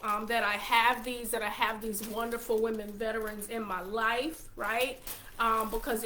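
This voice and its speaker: A woman's voice: a little high, bright, forceful tone, slight background noise. A woman with a Texas accent hosting her own show, talking casually to viewers about a product and reading off long ingredient lists in an upbeat, chatty way. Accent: Texan. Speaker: show host and wellness consultant.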